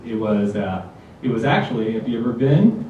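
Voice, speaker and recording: A man's voice: medium pitch, expressive, normal speed, slight background noise. A man performing a stand-up comedy set at a live show, telling a story and acting out the people in it. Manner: storytelling with acted-out quotes. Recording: distant, echoey, dull live room recording. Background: audience laughter.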